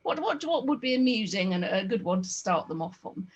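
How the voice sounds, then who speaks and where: A woman's voice: medium pitch, big pitch swings, fairly quick, husky, lo-fi sound. A woman with a Northern English accent hosting a casual video-call chat, talking in an enthusiastic, rambling way with lots of ums. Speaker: host.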